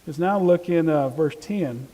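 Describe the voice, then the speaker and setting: A man with a fairly high voice leads a church Bible class, mixing casual asides with animated scripture reading. His voice trails off into a long reverb in the church room. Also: unhurried. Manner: conversational, reads scripture aloud with lively emphasis. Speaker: Bible study teacher.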